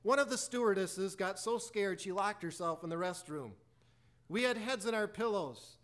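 A preacher telling a personal story in a sermon, acting out both sides of a conversation and reciting hymn lyrics. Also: male voice, high-pitched, moderate pace. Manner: animated storyteller acting out dialogue.

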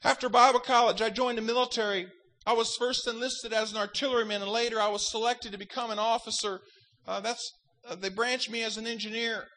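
Guy pastor w/ a really high bright voice, fervent sermon, cracks dry jokes. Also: fairly even intonation, brisk, poor audio. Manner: fervent preaching with wry asides.

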